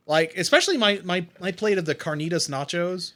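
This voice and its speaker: Rambling, bright-voiced young man. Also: sits high, fairly quick, hardly any pauses. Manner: rambling, animated, profane, many fillers. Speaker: podcast co-host. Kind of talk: casual chat.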